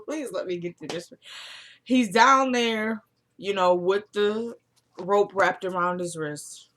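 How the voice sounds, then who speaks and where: A woman giving a casual, animated vlog recap of a TV episode, acting out the characters' lines in a frank, exclamatory way. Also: lowish voice. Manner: animated storyteller who acts out quoted lines. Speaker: TV episode reviewer.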